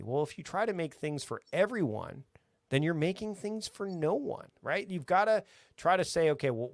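A man talking as a podcast guest, energetic and rambling, often restarting his sentences. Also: on the high side, gravelly, dry recording, studio quality. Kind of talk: casual conversation.

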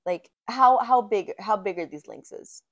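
A young woman co-hosting a podcast in casual chat, reacting quickly and swearing freely. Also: medium pitch, fairly bright tone. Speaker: podcast co-host.

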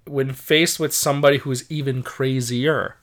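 A man co-hosting a casual chat, talking in an animated, rambling way with many restarts. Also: medium pitch, normal speed.

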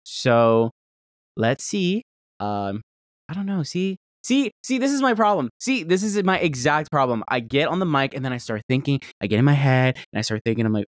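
Southern man, solo podcast host, rambling, cursing, mid pitch, dead dry close mic. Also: big pitch swings, normal speed, dry recording. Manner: rambling, profane, self-deprecating, jumps between loud outbursts and mutters. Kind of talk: casual solo podcast rant. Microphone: desk microphone held close.

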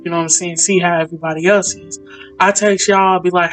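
A woman's voice: fairly low pitch, flat delivery, quick pace, faint music behind. A woman hosting a casual faith chat, speaking with feeling, repeating herself and calling her friends y'all and sis. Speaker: podcast host.

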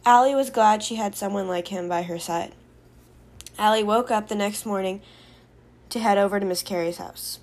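A woman's voice: medium pitch, moderate pace, darkish tone. A woman casually narrating a homemade story, recapping it informally.

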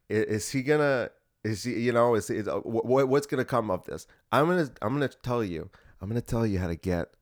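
A man hosting a solo podcast, ranting in an exasperated, animated way with plenty of swearing. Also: fairly low pitch, dry recording, studio quality. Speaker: podcast host. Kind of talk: casual solo podcast rant.

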